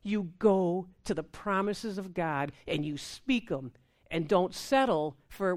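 A woman preaching a sermon in an animated, amped-up way, acting out prayers and laughing with the congregation. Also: mid-range voice, measured pace.

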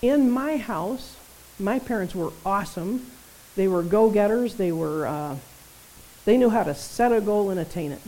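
A woman preaching a sermon in a conversational, animated way, often checking in with her listeners. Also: mid-range voice, a little slow, low-quality recording. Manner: conversational, animated, tag questions.

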